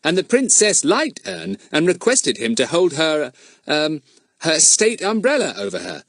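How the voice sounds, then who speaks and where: A man voicing Fatty, a clever, polite schoolboy with a smooth, amused manner, in a storybook reading. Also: on the high side, sing-song, a little slow, a bit bright, dry recording, studio quality, pitched above the performer's own voice, exaggerated voice.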